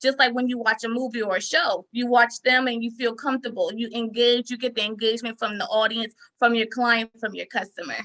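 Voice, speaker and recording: A woman insurance broker, a podcast guest, talking casually and telling stories with lively emphasis. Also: a little high, brisk, few pauses, low-quality recording. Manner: animated storyteller, acts out quoted lines with emphasis. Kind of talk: casual interview talk.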